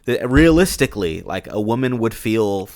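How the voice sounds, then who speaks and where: A man co-hosting a casual movie review podcast, excitable and quick to act out characters. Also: on the low side. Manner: excitable, animated quoting of characters. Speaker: podcast co-host.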